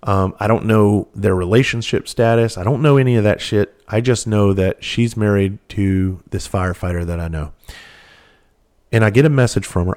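A middle-aged man with a fairly low voice hosts his podcast solo. He spins a long story in a loose, candid way, swearing freely and doubling back on his words. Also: a little mellow. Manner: candid, profane, rambling with restarts. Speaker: podcast host. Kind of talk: casual storytelling monologue.

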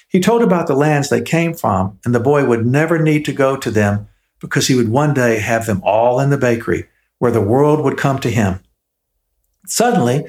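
A man narrating a story in a gentle, unhurried, expressive way. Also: mid-range voice. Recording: echoey room.

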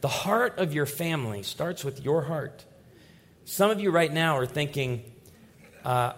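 A man preaching a sermon in church, telling stories with lively acted-out voices. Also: medium pitch, moderate pace. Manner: animated storytelling with acted-out voices. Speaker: pastor.

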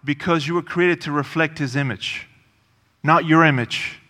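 Bright-voiced man preaching in a reverberant hall. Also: fairly high pitch, moderate pace. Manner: conversational and emphatic, with frequent asides and repetition. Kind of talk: sermon.

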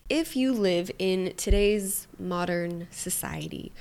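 A woman with a slightly low voice hosts her own podcast alone. She talks casually and bluntly and swears freely. Now and then she drops to a quiet, hushed aside. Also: slow pace, creaky. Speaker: podcast host. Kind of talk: solo podcast monologue.

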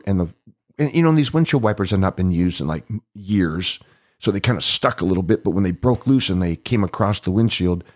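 Middle-aged guy on his podcast, lowish voice, chatty storytelling, laughs a lot. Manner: warm reminiscing, laughing often, acts out quoted voices. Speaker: podcast host. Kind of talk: casual storytelling.

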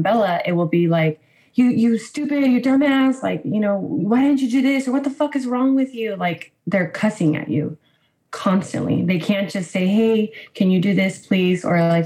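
A woman guest telling a counselor about her family, speaking haltingly with many fillers. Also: on the low side, mellow, poor audio. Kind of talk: personal account in conversation.

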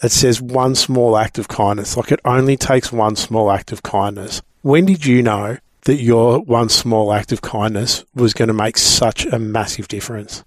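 A man's voice: mid-range voice, fairly even intonation, normal speed, few pauses, no room sound. An Australian man hosting a podcast interview, chatty and effusive, calling his guest mate. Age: adult parent. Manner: effusive, calls people mate. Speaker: podcast host. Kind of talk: casual interview chat.

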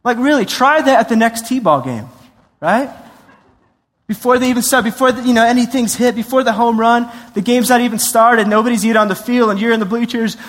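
A man preaching a sermon in a conversational, animated way, acting out voices and asides. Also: extremely high pitch, a little fast. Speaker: pastor. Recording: long hall reverb.

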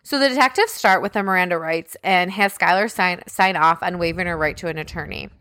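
On a podcast, this woman co-host chats casually through a true-crime case, leaning heavily on "like" as a filler and throwing in indignant asides. She speaks on the low side, briskly, in a pushed, bright tone. The sound is clean and studio-quality, without echo.

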